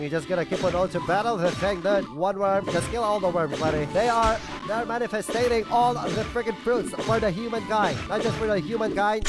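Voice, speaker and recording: A young man with a high-pitched voice that sounds stuffy from a cold, grumbling and swearing his way through a sarcastic gameplay commentary. Loud game music plays clearly underneath his voice throughout. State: has a cold. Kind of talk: casual let's-play commentary.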